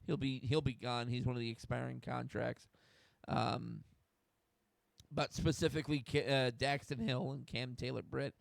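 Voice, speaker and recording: A man's voice: medium pitch, steady tone, normal speed, creaky, no room sound. A young man from the United States hosting a solo sports talk stream, getting fired up, swearing and restarting his sentences. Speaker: host.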